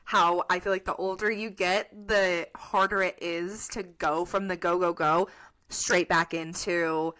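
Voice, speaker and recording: A young woman from Colorado co-hosting a relaxed podcast, chatting in an upbeat, talkative way. Her voice sits a bit lower than most women's. She leans on easy filler words as she recaps her weekend. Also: a little slow. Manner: chatty, upbeat, lots of "like" and "literally". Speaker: podcast co-host. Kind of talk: casual chat.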